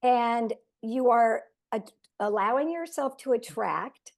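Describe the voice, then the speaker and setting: A woman on a team coaching call over a video link, passing on her own tips. She talks earnestly and is quick to laugh at herself. Her voice sits a little higher than most women's. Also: gravelly. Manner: earnest, self-deprecating. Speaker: team member sharing tips.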